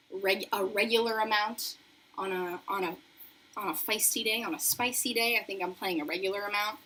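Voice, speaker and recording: A woman's voice: mid-range voice, a little hiss or hum, rough recording. A young woman chatting casually on a makeup livestream, bubbly and talkative as she reads viewer comments. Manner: chatty and bubbly, reading chat aloud. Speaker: beauty livestream host. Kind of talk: casual livestream chat while doing makeup.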